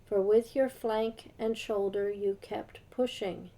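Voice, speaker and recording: Woman co-host reading scripture; unhurried, dark and soft-edged voice. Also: medium pitch, fairly even intonation. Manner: slow, measured reading aloud.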